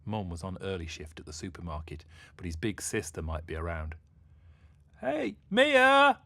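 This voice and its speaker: A man narrating a children's story in an expressive, animated way. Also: low voice, brisk, no echo.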